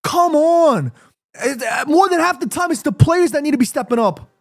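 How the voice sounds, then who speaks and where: A man's voice: extremely high pitch, lively intonation, moderate pace. A man ranting heatedly to his chat on a live football watchalong, swearing and defending his team. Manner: heated, ranting, profane, addresses chat directly. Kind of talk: live fan reaction stream.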